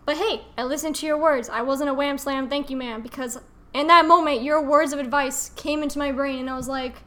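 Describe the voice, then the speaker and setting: High-voiced young woman, blunt storyteller. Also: steady tone, fairly quick, sharp tone. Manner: frank, profane storytelling. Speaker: podcast co-host. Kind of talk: casual chat.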